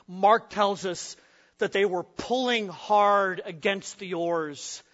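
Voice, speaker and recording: A man from the upper Midwest preaches a sermon with a high, bright voice. He keeps asking the congregation questions and voices the frightened men of the story himself. The recording is dull and lo-fi, with a faint hum underneath. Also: slow. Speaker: pastor.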